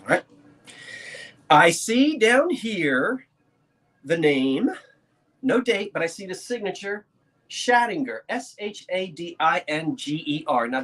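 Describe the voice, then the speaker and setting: With a medium-pitched, fairly bright voice, a South Jersey antiques reseller does casual show-and-tell for a live chat. Indoors at a laptop desk, they present a painting, rambling and laughing frequently to build suspense.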